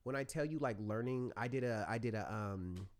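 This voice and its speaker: An American man telling stories in a casual chat, animated and acting out quoted voices. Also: medium pitch, normal speed. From United States. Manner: animated storyteller, acts out quotes.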